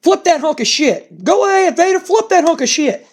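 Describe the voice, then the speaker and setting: A man voicing a loud, crude wrestling manager who taunts and cackles in a shrill, gleeful voice. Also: animated, normal speed. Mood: shouting.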